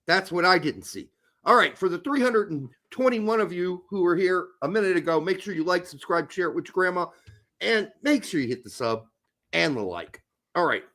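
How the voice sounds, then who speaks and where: A man's voice: high voice, animated, normal speed, sharp tone. A man hosting a casual sports talk show, ranting in a heated, profane way. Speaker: podcast host.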